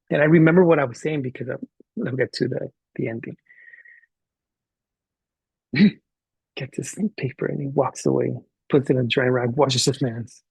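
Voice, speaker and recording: A man teaching a class, telling a story in an animated way and acting out the dialogue. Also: medium pitch, moderate pace, vocal fry, pauses often, breathy edge, dry recording. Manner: animated, acts out quoted dialogue. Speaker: college instructor. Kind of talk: storytelling lecture to students.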